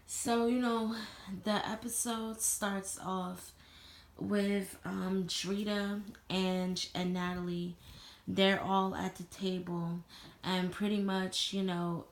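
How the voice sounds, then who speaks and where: A woman's voice: medium pitch, vocal fry. A woman casually recapping a TV episode in a vlog, loose and chatty, swearing freely and leaning on "you know.". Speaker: TV show reviewer. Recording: echoey room.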